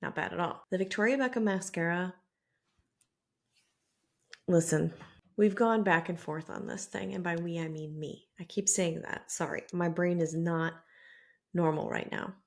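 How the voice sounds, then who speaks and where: A woman's voice: on the low side, fairly even intonation, a little slow, creaky, pauses often, a little mellow. A woman beauty vlogger chatting casually to camera while she applies makeup, self-deprecating and talkative. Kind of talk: casual makeup tutorial chat. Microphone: camera mic with mirror some distance off.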